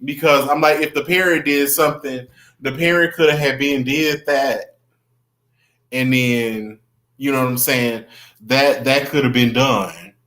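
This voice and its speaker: Young male livestream host, unhurried, bright tone, gossipy and chatty. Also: mid-range voice. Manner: chatty, greets viewers by name, gossipy. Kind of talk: casual livestream chat.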